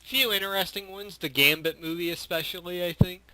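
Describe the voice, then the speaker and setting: A man's voice: sits high, steady tone, fairly quick, bright, forceful tone, no room sound. A man co-hosting a podcast in easygoing casual chat, full of fillers. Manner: easygoing, asks questions, lots of likes and fillers. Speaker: podcast co-host. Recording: dry close sound.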